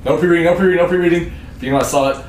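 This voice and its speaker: A young man hosting a casual podcast, low-key and wry with a laugh now and then. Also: steady tone, rapid-fire, crowd noise. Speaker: podcast host. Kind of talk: casual chat. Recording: echoey room with background noise.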